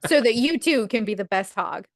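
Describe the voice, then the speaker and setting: A woman on a podcast casually retelling TV episodes with lots of fillers, jumping high in pitch to act out each character's lines. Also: expressive, fairly quick, slight background noise. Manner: frequent fillers like "um" and "like". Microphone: podcast mic.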